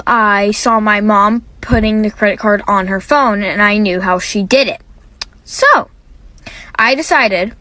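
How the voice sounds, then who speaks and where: A woman with a bright, forward voice telling a personal storytime very slowly. The recording is dry and close, and she keeps a relaxed, confessional tone. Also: on the high side, no room sound, low-quality recording. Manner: bright, unhurried confessional retelling. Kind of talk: casual storytime.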